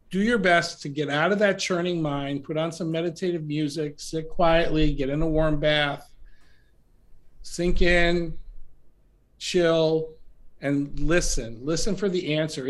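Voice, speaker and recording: A man being interviewed as an author on a podcast, talking in a gentle, unhurried way with frequent fillers and restarts. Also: on the high side. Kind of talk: reflective interview talk. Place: remote call from home.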